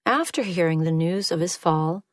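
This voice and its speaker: A woman narrating a folk tale in a measured, scripted storytelling manner. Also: fairly low pitch, expressive, dry recording, studio quality.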